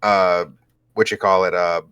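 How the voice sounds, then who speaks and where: A man who is a guest on a podcast, chatting casually and cutting in with quick, profane jokes. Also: low-pitched, level tone, a bit bright, smooth, no echo. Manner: jokey, profane quick interjections. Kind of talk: casual chat.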